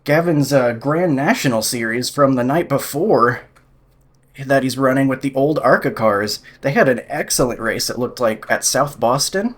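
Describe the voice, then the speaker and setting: Sim racing in a room at home, a man offers relaxed live commentary in a mid-range voice at a moderate pace. He thinks out loud, gets a bit out of breath, and chuckles quietly at himself.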